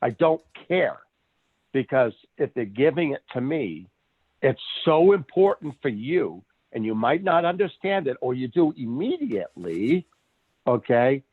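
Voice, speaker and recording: A man's voice: medium pitch, unhurried, slightly rough, no echo. A man, a psychic medium, chatting casually as a podcast guest and telling stories with lots of restarts and laughs. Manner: animated storyteller, restarts a lot, laughs often. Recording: tinny phone line, dry.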